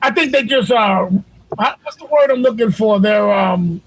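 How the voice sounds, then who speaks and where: A man's voice: sits high, unhurried, creaky, husky, dry recording, poor audio. A man hosting a casual video-call chat, telling profane, boisterous stories. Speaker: host.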